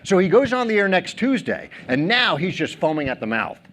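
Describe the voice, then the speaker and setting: Middle-aged male keynote speaker, high and very lively, humorous, plays to the audience. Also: a little fast. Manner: animated, humorous, asks the audience questions. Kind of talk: conference keynote talk. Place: large theater stage.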